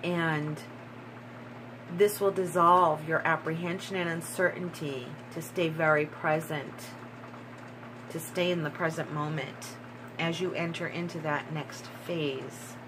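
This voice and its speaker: A woman giving a tarot reading in a slow, musing way, repeating herself and breaking into excited bursts. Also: deep voice, noisy background. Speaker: tarot reader.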